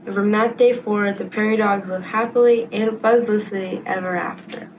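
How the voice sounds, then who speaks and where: A woman's voice: mid-range voice, steady tone, moderate pace, far from the mic, noisy background. A young woman on a sports team reading a children's picture book aloud, carefully. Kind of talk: storybook read-aloud.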